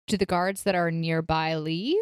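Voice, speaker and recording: A woman's voice: sits low, fairly even intonation, normal speed, clean tone, no echo, clean studio sound. A woman playing a tabletop game, casual and playful. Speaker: player.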